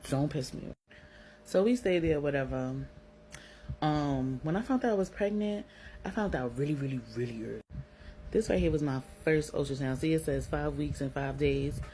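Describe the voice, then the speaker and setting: Low-pitched, expressive and mellow, this young Brooklyn woman speaks at normal speed in a New York accent. She shares a personal story openly and bluntly, full of slang, swearing and "like." The audio is poor, with slight background noise.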